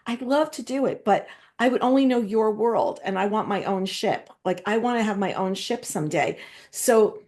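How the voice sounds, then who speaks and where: Middle-aged female host, casual storyteller, animated with quoted voices and frequent laughs. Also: medium pitch, moderate pace. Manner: lively storyteller, laughs often, quotes others. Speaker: interviewer and host. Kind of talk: casual anecdotal chat.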